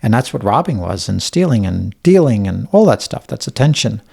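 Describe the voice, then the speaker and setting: Gravelly New man, blunt and candid. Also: on the low side, sing-song, brisk, a little mellow. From Staten Island, New York. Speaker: podcast guest. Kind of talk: casual interview conversation.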